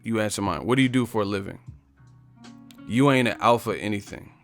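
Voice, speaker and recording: A man's voice: on the low side, fairly quick, soft background music. A man hosting a live stream, confrontational and profane as he roasts the commenters in his chat. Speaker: livestream host.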